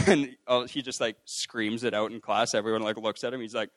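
Young man, casual testimony, flat delivery, dry sound, rambling with fillers. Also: mid-range voice, a little fast, dry recording. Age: young adult. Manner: rambling with many fillers and restarts; acts out quoted voices. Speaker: ministry student sharing a testimony.

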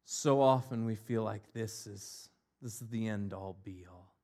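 A man from Ohio preaching a sermon, mixing jokey, animated asides with earnest, quieter scripture reflection. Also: fairly low pitch, measured pace. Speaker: pastor.

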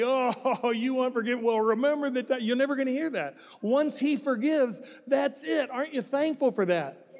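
Joking man preaching in a hall. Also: very high-pitched. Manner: folksy, joking asides to the congregation. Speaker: pastor. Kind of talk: sermon.

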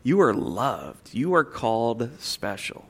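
A male pastor preaching a sermon in a church, earnest and emphatic, slowing and softening on key phrases. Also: mid-range voice, sing-song, vocal fry, breathy edge.

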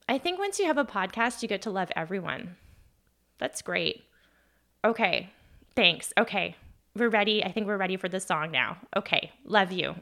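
Speaking with lively intonation at a moderate pace, this thirtysomething solo podcast host has a mid-range, fairly bright voice. Her talk is chatty and sincere, peppered with "like" and self-corrections. Briefly, emotion catches in her voice.

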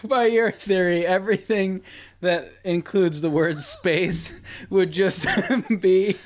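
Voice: medium pitch, steady tone, slow. A podcast co-host chatting casually, laughing through many lines. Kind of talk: casual joking chat.

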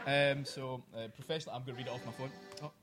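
A man co-hosting a podcast live before an audience, running a quiz segment with lots of self-deprecating laughter and filler words. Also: mid-range voice. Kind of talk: casual live podcast chat.

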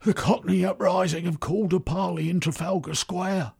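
A man's voice: high-pitched, fairly even intonation, normal speed, creaky, a little mellow, slightly rough, pitched above the performer's own voice, exaggerated voice. A man voicing a young male messenger bursting in with urgent news. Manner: urgent, announcing.

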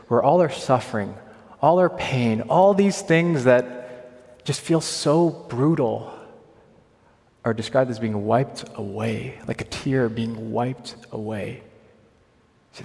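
A young man from Hong Kong preaching a sermon, earnest, asking rhetorical questions and moving between loud emphasis and quiet intensity. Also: mid-range voice, slow pace. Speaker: pastor. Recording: long hall reverb.

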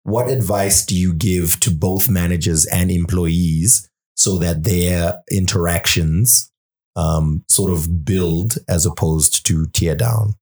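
A man's voice: sits low, slow, darkish tone. A man co-hosting a casual interview, asking questions and joking in a wry, teasing way. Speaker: podcast co-host.

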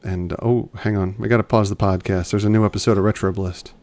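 A man's voice: lowish voice, steady tone, fast, a little mellow. A man co-hosting a podcast in casual chat, rambling and often restarting his sentences. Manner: chatty, rambling, self-correcting. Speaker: podcast co-host.

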